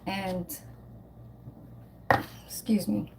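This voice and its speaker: A woman's voice: mid-range voice, flat delivery, extremely slow, vocal fry, heavy background noise. A woman hosting a casual cooking livestream at home, chatting with her viewers while she cooks and swearing now and then. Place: home kitchen, then outdoors.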